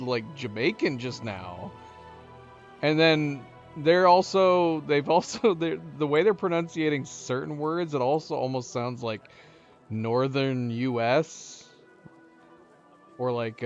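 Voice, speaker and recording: A man's voice: a little high, dull audio. A man streaming a game, musing aloud in rambling casual commentary with chuckles.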